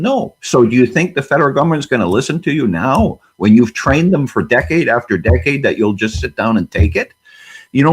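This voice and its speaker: Fiery husky-voiced man on a panel. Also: mid-range voice. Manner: fiery, emphatic, rhetorical questions. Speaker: panel guest. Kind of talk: impassioned panel discussion.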